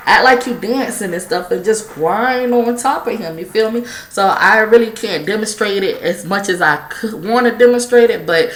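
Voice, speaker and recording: A YouTube vlogger with a low voice and a roomy-sounding recording gives a candid monologue while smoking, coughing now and then. She's blunt and profane, telling stories with animation.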